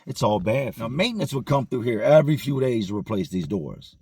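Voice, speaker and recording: A man's voice: mid-range voice, big pitch swings, fast, a little mellow, husky, no echo. A man casually telling a story in slangy street vernacular, with frequent conversational asides to the listener.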